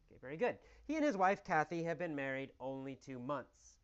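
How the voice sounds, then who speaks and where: Male English teacher, lively storytelling delivery, answers his own questions, slightly muffled lo-fi recording. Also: on the high side, fairly quick, clean tone. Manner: animated, exaggerated storytelling with repeated questions and answers.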